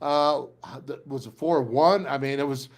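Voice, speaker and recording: A man's voice: mid-range voice, normal speed. An older man hosting a sports talk show, fiery and rambling as he gives a pep talk.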